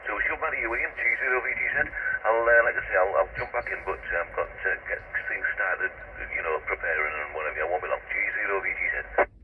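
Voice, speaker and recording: A man calling into an amateur radio net, chatting in a rambling, halting way over a distant radio link. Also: low-pitched, narrow, tinny audio. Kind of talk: casual radio chat. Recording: distant noisy radio transmission.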